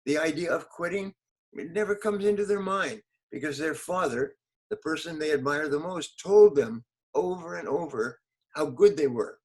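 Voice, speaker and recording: A man's voice: on the high side, normal speed, rough recording. An older man, a motivational speaker, answering interview questions in an emphatic way, repeating key phrases and acting out quotes.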